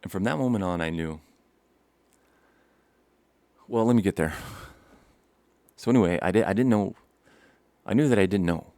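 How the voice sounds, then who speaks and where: Low gravelly man telling a story. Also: moderate pace, long pauses, no room sound. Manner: rambling, animated, laughs often, acts out scenes. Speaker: vlogger. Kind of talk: casual storytelling to camera.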